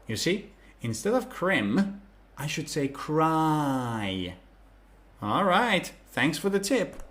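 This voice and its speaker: A man teaching English pronunciation in an online lesson, explaining clearly and sounding out words slowly to demonstrate. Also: fairly high pitch, sing-song, noisy background.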